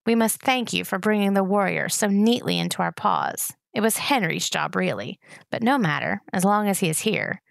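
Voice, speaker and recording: A woman reading aloud voices a menacing, scornful male rat king in a storybook, speaking low. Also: expressive, moderate pace, vocal fry, dry recording, clean studio sound.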